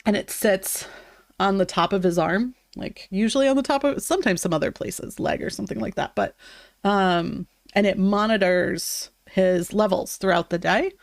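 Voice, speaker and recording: Woman streamer, casual live chat, mid-pitched, chatty filler talk, dry close sound. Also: moderate pace, dry recording. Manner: chatty, fills with "like", bursts into high greetings.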